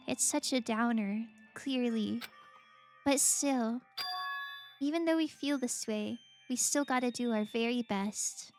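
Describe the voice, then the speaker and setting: Faint game music runs behind this let's-play stream, where a woman chats emotionally and giggles a lot. Her voice sits on the high side, and she keeps a measured pace.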